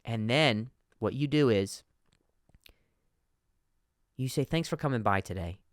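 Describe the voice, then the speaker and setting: A man's voice: mid-range voice, animated, unhurried, dry recording, studio quality. A man hosting a comedy podcast, telling a bit with many restarts and repeated words, playing the people he describes. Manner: acts out quoted bosses and workers in shifting voices. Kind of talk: comedic monologue.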